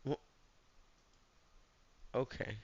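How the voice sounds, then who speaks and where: A man's voice: very slow, muffled recording, a loud crowd. A man streaming, giving casual, offhand, amused reactions to a video.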